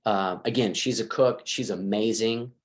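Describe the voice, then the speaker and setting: A man's voice: fairly low pitch, measured pace. A middle-aged man, a marriage counselor, giving advice in a conversational interview and acting out bits of dialogue as he talks. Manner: lively, acts out quoted dialogue.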